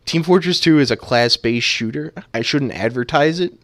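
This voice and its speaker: A man's voice: mid-range voice, moderate pace, fairly bright tone, no echo. A man casting a video game match live, trading playful jokes with his co-caster. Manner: joking, playful banter. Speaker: esports caster.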